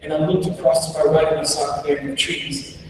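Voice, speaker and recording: A man tells a personal story as a keynote speaker, in a voice somewhat high for a man. He speaks in slow, measured phrases with weighty pauses. The sound carries a long echo through a large hall and is picked up from a distance. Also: level tone, slight background noise. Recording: echoey hall recorded from far off.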